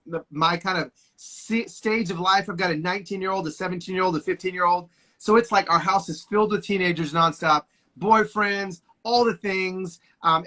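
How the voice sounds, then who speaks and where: A man's voice: high-pitched, bright, forceful tone. A man in his forties, a guest on a video call, telling stories with passionate, preacher-like energy. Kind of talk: casual conversation.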